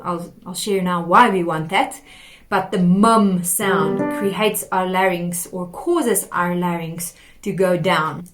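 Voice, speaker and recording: A woman teaching a singing lesson, explaining patiently and demonstrating sung warm-up exercises. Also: mid-range voice. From South Africa. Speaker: vocal coach.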